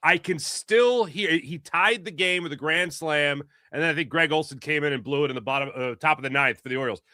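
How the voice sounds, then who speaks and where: A middle-aged man arguing his sports takes with emphasis, picking up speed as he presses a point. His voice is bright and forceful, a touch high for a man. The sound is dry and close. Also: a little fast, dry recording. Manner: emphatic, opinionated, speeds up when making a point. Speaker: sports talk co-host. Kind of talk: casual sports talk and opinion.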